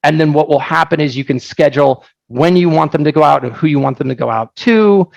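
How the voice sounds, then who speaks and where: Gravelly, upbeat man on a webinar. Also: on the high side, brisk, no echo, dull audio. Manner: energetic, joking, storytelling with many asides. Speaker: software founder presenting on a webinar. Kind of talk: casual live product presentation.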